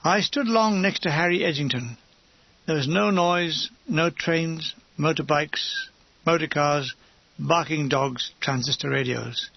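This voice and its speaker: Man, audiobook narration, wry storytelling, husky tone, dead-dry dull lo-fi sound. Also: on the high side, measured pace, dry recording. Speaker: audiobook reader. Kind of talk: audiobook narration of a comic war memoir.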